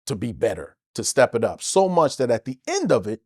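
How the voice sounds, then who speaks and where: A man from the United States, an actor guest telling stories in a casual interview, animated and emphatic, with plenty of swearing. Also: mid-range voice, fairly quick, no room sound, clean studio sound.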